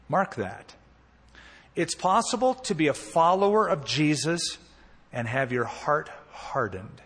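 A man preaches a sermon from the pulpit, telling the story animatedly with swings between emphasis and quiet asides. His voice sits a little high and sounds a bit husky. It rings out with a long reverb in a church sanctuary. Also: big pitch swings, measured pace. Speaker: pastor.

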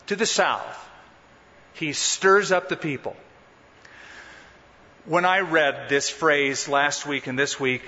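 A man's voice: fairly high pitch, pushed and bright. A pastor preaching an expository sermon with emphatic, dramatic rises and drops in his voice. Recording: dull sound in a large reverberant hall.

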